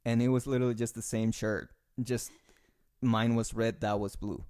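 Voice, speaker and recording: A man's voice: medium pitch, level tone, normal speed, a little mellow, smooth, no room sound. A young adult man hosting a podcast, telling rambling stories in casual chat and teasing his co-host. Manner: rambling storyteller, teasing, frequent restarts.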